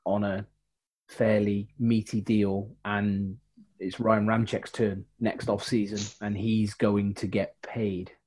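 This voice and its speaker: A man talking casually on a sports podcast, measured and thoughtful. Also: on the low side, little pitch movement, darkish tone, slightly rough.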